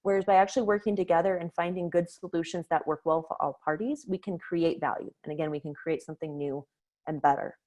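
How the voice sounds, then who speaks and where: A woman leading a webinar on conflict resolution, explaining ideas clearly and telling a story to make her point. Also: fairly low pitch, fairly even intonation, fast talker, a little mellow. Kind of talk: webinar lecture. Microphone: webinar microphone.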